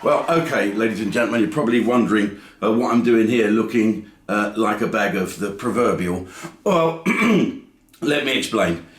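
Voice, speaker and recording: A man's voice: on the low side, lively intonation, moderate pace. A middle-aged man from England telling a wry comic anecdote to camera, acting out the back-and-forth of the dialogue. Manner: wry storytelling with acted-out dialogue. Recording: echoey room.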